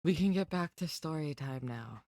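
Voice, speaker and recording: A woman's voice: sits low, lively intonation, normal speed, warm tone, no room sound, clean studio sound. A woman streamer chatting casually with her viewers, rambling and giggling at herself. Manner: giggly, rambling, self-deprecating.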